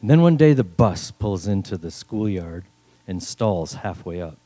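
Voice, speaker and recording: A man's voice: deep voice, expressive, unhurried, dark tone. An older man from northern New York telling a funny personal story at a live story slam, with dry, wry humor. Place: stage at a live event.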